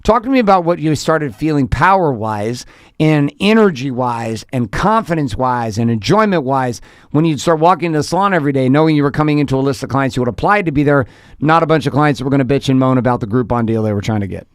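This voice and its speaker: A man's voice: mid-range voice, expressive, fast talker, clear, resonant tone, dry recording, studio quality. A man hosting a business podcast, speaking in emphatic, repetitive motivational phrases. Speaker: podcast host.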